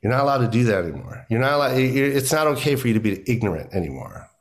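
A guest comedian on a casual podcast talks very fast at a medium pitch. He's animated and emphatic, his voice leaping up whenever he lands a point, and he says "you know" constantly.

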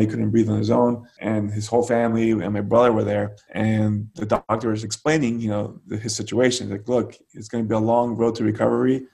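Gravelly-voiced male martial arts coach. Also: on the low side, darkish tone. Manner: casual, loose, many fillers. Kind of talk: telling a story in an interview.

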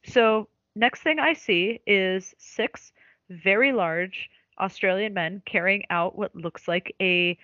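Bright, dry-humored woman, lo-fi audio. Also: medium pitch, slow, no echo. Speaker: podcast guest. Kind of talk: casual chat. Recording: dull, lo-fi, dry podcast audio.

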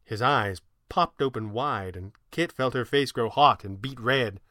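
A man narrating a story in a measured, scripted reading. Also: medium pitch, sharp tone, no echo, clean studio sound.

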